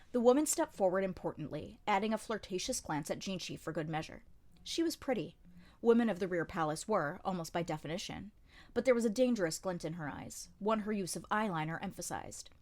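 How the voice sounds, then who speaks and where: A woman's voice: lowish voice, animated, a little fast, darkish tone. A woman narrating a light novel as an amateur audiobook reader, in a dry, wry storytelling manner. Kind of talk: scripted narration.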